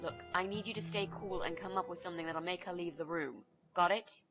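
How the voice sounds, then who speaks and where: An actress playing a brash young woman student who talks her way in as a babysitter, bold and quick to take charge. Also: on the low side, music in the background, lightly acted. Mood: urgent.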